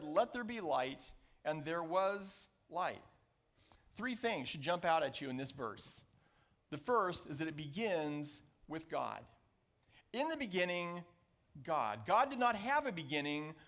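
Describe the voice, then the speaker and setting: A man preaching a sermon as a pastor, reading scripture aloud and slowing down to stress key phrases. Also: high-pitched, a bit bright. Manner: reads scripture passages aloud.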